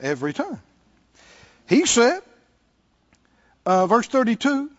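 Male pastor, middle-aged, emphatic sermon delivery, lively pitch, slightly dull recording. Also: unhurried. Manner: emphatic, calls out to the congregation.

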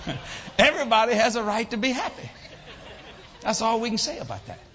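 A man, preaching as a lively, laughing storyteller in a church. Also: very high voice, brisk, background noise. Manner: animated, laughing, folksy storyteller. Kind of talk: humorous storytelling sermon. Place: church sanctuary. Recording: echoey church hall, slightly dull.

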